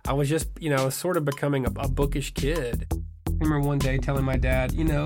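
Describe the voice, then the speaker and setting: A man's voice: mid-range voice, level tone, a little fast. A man in his thirties telling a personal story in a wry, self-mocking, conversational way. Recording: music heard behind the voice. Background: music.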